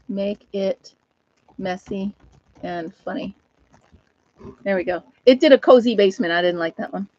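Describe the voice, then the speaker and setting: Woman host, casual live-stream chat, chatty and quick to laugh, mid-pitched voice, dull muffled sound in a dry room. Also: darkish tone, dry recording. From United States. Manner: chatty, laughs often, talks to viewers and her dog.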